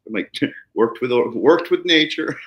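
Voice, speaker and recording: A middle-aged man hosting a podcast, telling farm stories casually and acting out the people he quotes. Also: on the high side. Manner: animated anecdote-telling, acts out the people he quotes. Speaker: podcast host. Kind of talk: casual storytelling chat.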